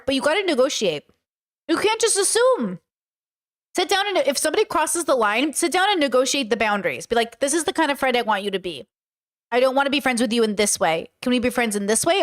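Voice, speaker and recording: A woman giving chatty, opinionated reaction commentary and advice on a clip. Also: high voice. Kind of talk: casual commentary.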